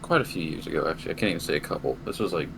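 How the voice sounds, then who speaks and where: A young man with a very low voice tells a long, rambling story on a casual podcast. He swears freely, and steady background noise runs under the recording. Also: racing, vocal fry. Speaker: podcast co-host.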